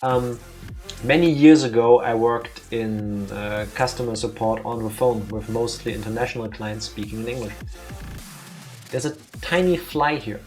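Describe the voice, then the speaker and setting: A man co-hosting a let's play stream, telling a lively anecdote in a casual, chatty way and acting out the voices in it. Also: mid-range voice, moderate pace, soft background music. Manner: animated anecdote teller, acts out voices.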